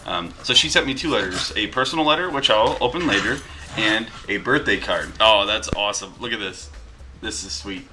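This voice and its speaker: This casual vlog features a thirties-aged man from Western New York, USA, chatting as he reads viewer mail and adds asides. He speaks at normal speed in a lowish voice, with background noise from his dogs wrestling at home.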